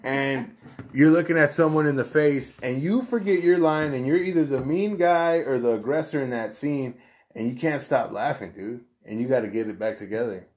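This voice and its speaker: A man's voice: mid-range voice, normal speed, a little mellow. A man in casual chat, laid-back and loose, swearing freely and filling his talk with "you know" and "like".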